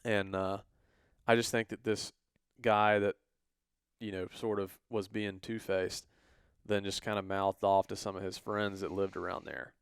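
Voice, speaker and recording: Man, lowish smooth voice, dry close sound, casual animated storytelling. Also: unhurried, dry recording. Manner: animated, acts out quoted voices. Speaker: podcast co-host.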